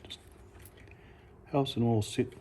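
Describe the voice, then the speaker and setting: Easygoing Australian man, slow how-to talker, mid pitch, corrects himself as he goes. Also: slight background noise. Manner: relaxed, unhurried, self-correcting with "uh" and "sorry, correction". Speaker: amateur radio hobbyist. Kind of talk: casual how-to demonstration.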